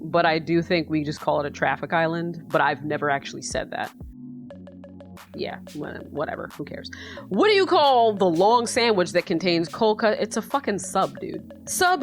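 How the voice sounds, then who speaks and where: Animated, swearing American woman. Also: lowish voice, moderate pace, soft background music. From United States. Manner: animated, sarcastic, swears freely, laughs often. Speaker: YouTuber. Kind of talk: casual commentary while taking an online quiz.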